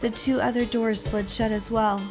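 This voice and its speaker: Young female narrator, read by a man, slightly high, steady storybook delivery, music behind. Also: normal speed. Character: young woman narrator, frightened. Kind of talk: reading game text aloud.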